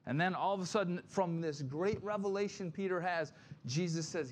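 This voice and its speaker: Pastor guy preaching, chatty, keeps saying right?, kinda higher voice. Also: a little hiss or hum. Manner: conversational preaching, asks "right?" often; acts out Bible figures in quick quoted voices. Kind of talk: sermon.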